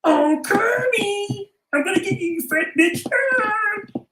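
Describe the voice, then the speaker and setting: A man voicing a furious female puppet diva in a shrill falsetto. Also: animated, slow, bright, forceful tone, roomy sound, slight background noise, heavily acted. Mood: enraged.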